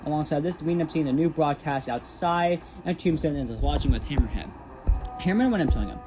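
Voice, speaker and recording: A man's voice: fairly high pitch, animated, fast, over music, low-quality recording. A man casually retelling a made-up comic story in long, rambling run-on sentences. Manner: rambling, run-on narration with many "thus" and "however".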